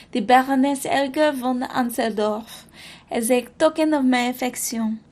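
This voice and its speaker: A woman voicing a proud, troubled French queen reading from her journal, with a put-on French accent and a dramatic, measured delivery. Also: high-pitched, darkish tone.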